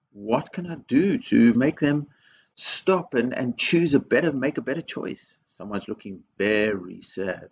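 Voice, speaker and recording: A headteacher addresses young children at assembly, emphatic and teacherly, repeating key words and asking plenty of questions. His mid-range voice is creaky, darkish and slightly rough, heard on a dull lo-fi video with faint background noise.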